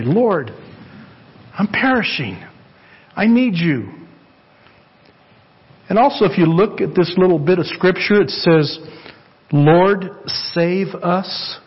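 Slow, husky man preaching a sermon. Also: on the high side, dull audio. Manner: earnest, repeats phrases, asks the congregation for amens. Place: church sanctuary.

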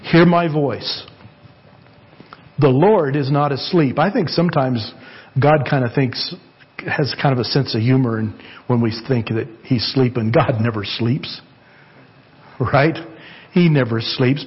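A man's voice: on the high side, husky, highs cut off. A man preaching a sermon in church, earnest and repetitive, asking the congregation for amens. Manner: earnest, repeats phrases, asks the congregation for amens. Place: church sanctuary.

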